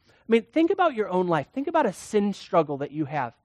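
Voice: medium pitch, very animated, brisk, darkish tone, dry recording. A preacher giving a sermon in a conversational way, full of rhetorical questions and acted-out quotes.

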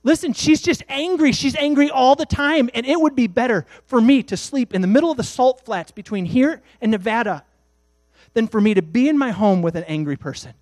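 A man's voice: sits high, very animated, moderate pace, no room sound, pitched above the performer's own voice. A man voicing a fed-up husband who insists he would rather sleep outdoors than stay home with his angry wife, speaking in an exasperated, insistent way.

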